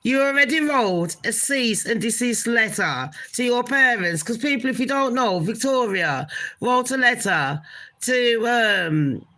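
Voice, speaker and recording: A woman's voice: on the high side, animated, unhurried, sharp tone, rough recording. A woman giving a blunt, swearing, incredulous gossip commentary as a vlogger.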